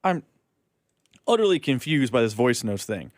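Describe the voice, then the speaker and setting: A man's voice: medium pitch, big pitch swings, moderate pace, no room sound. A man co-hosting a casual sports talk radio show, offering puzzled, mocking commentary into a studio microphone.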